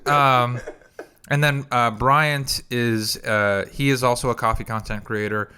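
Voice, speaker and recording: A man's voice: mid-range voice, steady tone, unhurried, sharp tone, a little hiss or hum. A man hosting a comedy podcast, telling rambling stories in casual chat and acting out quoted voices. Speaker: podcast host.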